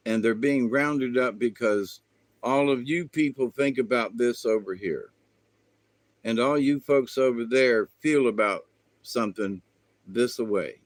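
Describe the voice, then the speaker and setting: A man's voice: medium pitch, unhurried, no echo. A man hosting his own spiritual channel, talking in a meandering, folksy way with lots of fillers. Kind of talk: rambling spiritual monologue.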